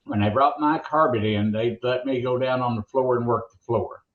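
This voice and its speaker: An older man tells rambling, folksy stories with plenty of restarts. His voice sits at an ordinary pitch and arrives through a roomy, echoey space. The sound is dull and muffled, as on a remote call. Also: steady tone, moderate pace, noisy background. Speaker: veteran monster truck announcer, guest. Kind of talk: casual interview storytelling.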